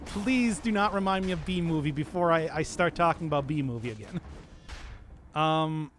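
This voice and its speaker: A man's voice: fairly high pitch, moderate pace, a little hiss or hum. A man from the US Midwest with a Midwestern accent, chatting casually with his viewers while streaming a game, rambling and chuckling often. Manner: rambling, animated, chuckles often, talks to chat.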